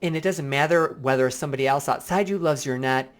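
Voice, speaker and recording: A man's voice: mid-range voice, fast. A man talks candidly about coping with hard times, earnest and reflective. He wanders through his thoughts with plenty of filler words, sounding like he is sharing from his own experience. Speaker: vlog host. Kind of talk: personal self-help talk.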